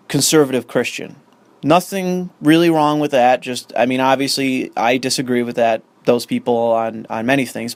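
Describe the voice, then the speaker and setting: A man's voice: mid-range voice, no echo. A young man ranting in commentary, profane and sarcastic, reading an article aloud and arguing with it. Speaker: commentary host.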